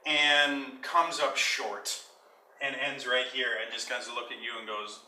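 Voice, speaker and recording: Bright-voiced man running a tabletop game. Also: medium pitch, a little slow. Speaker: dungeon master. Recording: echoey room, mic far off, faint hiss.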